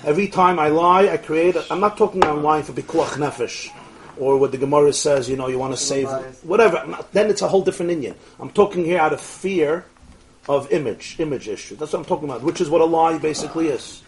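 A man giving an animated storytelling sermon, acting out the dialogue and often laughing. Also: a little high, quick pace, crowd noise. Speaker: rabbi lecturing.

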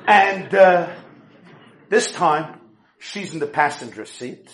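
A man's voice: on the high side, takes it slowly. A man telling a story to a live audience, acting out the people in it and joking with the listeners. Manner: animated storyteller, acts out quoted voices, jokes with the crowd. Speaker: speaker giving a talk.

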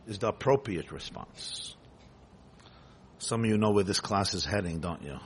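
A man's voice: medium pitch, fairly bright tone, slightly rough. A man teaching a Torah class, retelling a scripture story emphatically, quoting the Hebrew and translating it line by line. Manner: emphatic, repetitive, quotes and translates Hebrew text.

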